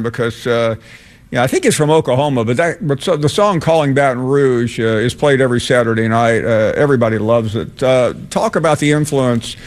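A man hosting a sports TV show, interviewing a guest in a chatty, halting way with many restarts. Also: medium pitch, darkish tone. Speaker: sports TV host. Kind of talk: casual on-air interview.

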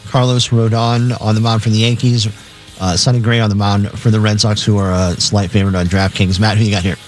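A man's voice: fairly low pitch, little pitch movement, fairly quick, soft background music. A man co-hosting a sports radio show, reading games and odds in a matter-of-fact way. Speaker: co-host reading betting lines. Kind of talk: casual sports radio chat.

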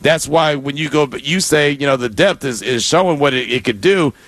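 A man hosting a sports radio talk show, reading listener messages and running segments with a smooth host delivery. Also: a little high, normal speed, a bit bright, no room sound. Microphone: studio mic.

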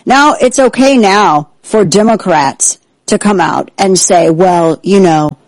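A woman hosts a political talk show with indignant, sarcastic energy. Her voice sits at an ordinary middle pitch. The sound is dry and close, with no room around it. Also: slow, no room sound, poor audio. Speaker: political commentary host. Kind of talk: opinionated talk show commentary.

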